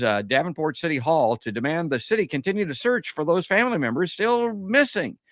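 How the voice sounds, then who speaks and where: A man's voice: fairly high pitch, fairly bright tone, no echo. Chatty male podcast host, dry sound. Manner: chatty, addresses listeners as folks, many uhs. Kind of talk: live call-in podcast, reading news and commenting.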